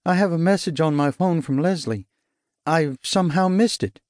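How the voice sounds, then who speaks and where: A man's voice: on the high side, big pitch swings, moderate pace, dry recording, pitched above the performer's own voice. A fussy, fretful woman scolds and worries in a lifted, lighter voice, as a male audiobook narrator puts her on. The recording is close and dry, with no room sound at all. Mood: shaken. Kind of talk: audiobook character voice. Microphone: studio mic.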